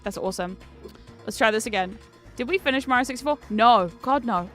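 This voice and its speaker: A woman's voice: fairly high pitch, brisk, faint music behind. A young woman, British by birth, chatting and swearing through a game stream as a VTuber host. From Britain. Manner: chatty, swears, bursts of frustrated shouting. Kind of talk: casual gameplay commentary.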